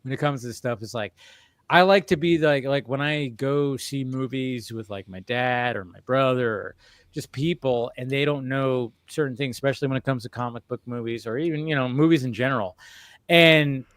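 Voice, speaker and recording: A man hosting a casual chat, telling animated stories with frequent laughter and restarts. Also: medium pitch, normal speed, dry recording, clean studio sound. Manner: animated storyteller, laughs often, many restarts. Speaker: podcast host.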